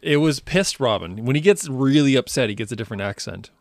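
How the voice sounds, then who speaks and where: A man's voice: mid-range voice, expressive, fairly quick, vocal fry, dry recording, clean studio sound. A man co-hosting a podcast, chatting casually with a wry, joking manner. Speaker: podcast co-host. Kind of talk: casual chat.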